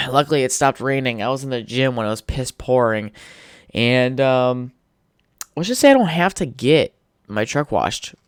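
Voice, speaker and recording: A man's voice: mid-range voice, animated, measured pace, smooth, no echo, clean studio sound. A tired young man hosting a podcast on his own, telling stories in a rambling, laid-back way with lots of swearing. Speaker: podcast host. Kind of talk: casual solo storytelling. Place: home setup with a podcast mic.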